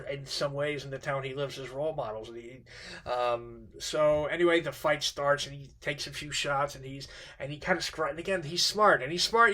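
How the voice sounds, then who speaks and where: Middle-aged guy explaining a story to a class, bright sharp voice, lots of ums and restarts. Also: a little high. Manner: halting, many fillers and restarts. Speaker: teacher. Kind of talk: informal literature lecture.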